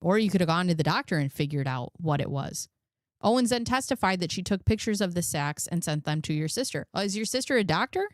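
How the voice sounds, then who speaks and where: A woman's voice: on the low side, animated, fast talker, no room sound, studio quality. A woman in her thirties hosting a commentary channel, telling candid personal stories in a chatty, casual way and reading out case notes.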